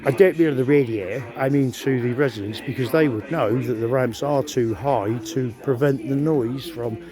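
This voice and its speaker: A man's voice: medium pitch, moderate pace, a crowd in the background. A man giving a rambling, aggrieved, profane monologue straight to camera as a vlogger.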